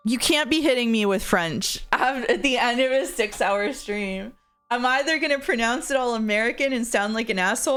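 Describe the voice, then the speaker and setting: A woman streamer chatting casually while playing a game demo, rambling with fillers and self-corrections. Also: mid-range voice. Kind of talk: casual gameplay commentary, reading dialogue aloud.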